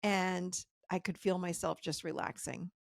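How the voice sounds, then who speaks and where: A woman hosting a podcast, telling a personal story in an animated way, her voice jumping high when she quotes her own shock. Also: a little slow, gravelly, no room sound, studio quality. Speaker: podcast host.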